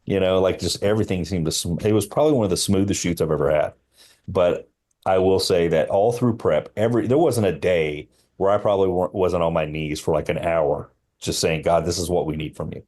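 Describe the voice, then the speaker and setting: A man, a film line producer, telling a personal story as a podcast guest in an earnest, halting way with many fillers and restarts. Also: sits low, darkish tone.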